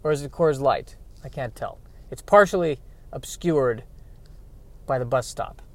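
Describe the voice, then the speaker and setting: A man's voice: mid-range voice, measured pace, dry recording. An American man in a car, rambling in casual chat with joking, self-mocking digressions. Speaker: vlogger.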